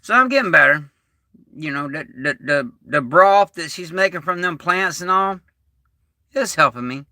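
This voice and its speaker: Middle-aged male livestream host, folksy storyteller, still getting over being sick, lively up-and-down delivery. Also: a little high, normal speed, dry recording, clean studio sound. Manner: folksy, rambling, animated. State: recovering from illness. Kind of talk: casual livestream chat.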